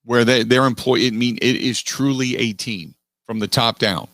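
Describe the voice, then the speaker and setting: A middle-aged man hosting a sports talk radio show, making his case in an animated, emphatic way and repeating phrases for weight. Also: mid-range voice, normal speed, no room sound, studio quality. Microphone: studio microphone.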